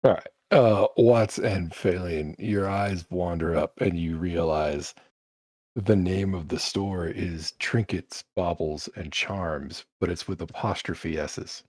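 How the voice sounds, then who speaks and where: A man's voice: sits low, slow pace, no echo, studio quality. A man narrating a tabletop game as game master, describing scenes and shop merchants. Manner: animated, voices merchants in character.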